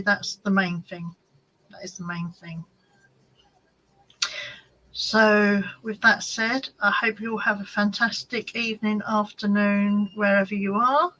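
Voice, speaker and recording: Chatting casually on a home live stream, a UK craft channel host rambles along and greets commenters by name. She has a medium-pitched, sharp-toned voice, captured in low quality.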